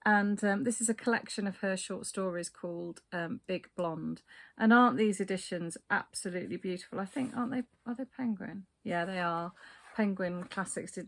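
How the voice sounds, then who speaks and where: A woman in a casual book vlog, chatting about novels with lots of ums and restarts. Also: on the low side. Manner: chatty, with many fillers and restarts. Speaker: book vlogger. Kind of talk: casual book chat to camera.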